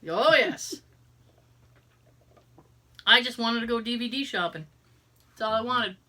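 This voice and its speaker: A woman co-hosting a podcast, telling a story in casual chat, animated and exasperated, swearing freely and joking. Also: a little high, measured pace. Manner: jokey, contradicts herself for laughs. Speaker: podcast co-host.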